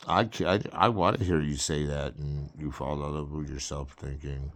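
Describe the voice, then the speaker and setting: A man's voice: extremely low pitch, fairly even intonation, moderate pace, few pauses. A man hosting a loose, jokey cartoon critique, rambling through improvised commentary and slipping into mock-grand phrasing. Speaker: comedic film critic host.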